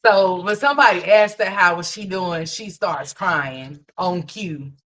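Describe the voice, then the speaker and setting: A woman's voice: fairly low pitch, a little slow, a bit bright. A woman doing casual live commentary as a streamer, blunt and profane, scolding the person she is reacting to. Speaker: livestream commentator. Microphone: streaming mic.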